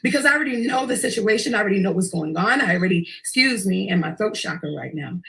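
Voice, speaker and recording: Gravelly young New woman. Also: mid-range voice, quick pace. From Queens, New York. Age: early 20s. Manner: profane, intense, animated retelling. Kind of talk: emotional personal storytelling.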